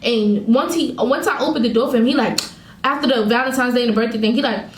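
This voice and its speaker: A woman's voice: on the high side, fast, echoey room, low-quality recording. A woman vlogger venting candidly to her viewers, telling a painful breakup story in her own words. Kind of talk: emotional storytime vlog.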